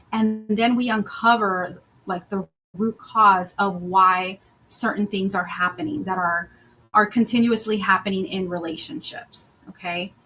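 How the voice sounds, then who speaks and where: A woman's voice: mid-range voice, sharp tone, slight background noise, low-quality recording. A woman self-love coach and podcast host, talking in an earnest, conversational way about relationships and retelling stories in other people's voices. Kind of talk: personal monologue on relationships.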